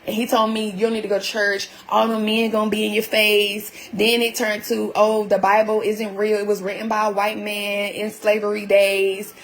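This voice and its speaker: A woman's voice: medium pitch, flat delivery, moderate pace, hardly any pauses, rough recording. A woman venting to her viewers on a live stream, emphatic and full of repeated rhetorical questions.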